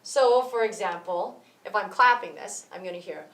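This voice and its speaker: A woman's voice: medium pitch, normal speed, hardly any pauses, noisy background. Woman teaching rhythm in an echoey room. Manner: explains step by step, counts beats aloud. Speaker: music teacher. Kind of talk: rhythm tutorial. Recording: roomy echo, voice from some distance.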